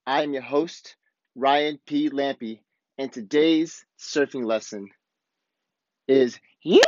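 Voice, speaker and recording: A male podcast host telling a surf story in excited, laid-back surfer talk. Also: medium pitch, slow pace, pauses often, no room sound, lo-fi sound. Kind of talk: casual storytelling monologue.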